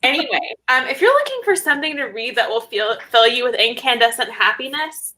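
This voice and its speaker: A woman's voice: on the high side, lively intonation, fairly quick, bright, forceful tone, poor audio. Gushing woman on a video call. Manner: gushing, playfully dramatic, laughs often. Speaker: indie bookseller guest. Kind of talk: casual chat.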